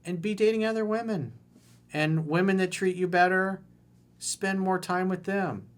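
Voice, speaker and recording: A man's voice: sits high, steady tone, normal speed. Blunt, profane male dating coach. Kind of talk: solo coaching monologue.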